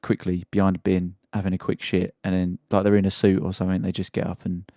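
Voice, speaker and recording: A man's voice: sits low, completely flat delivery, fast, mellow, dry recording, studio quality. A man hosting a podcast, chatting casually in a rambling, laughing way with some swearing. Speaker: podcast host. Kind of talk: casual chat.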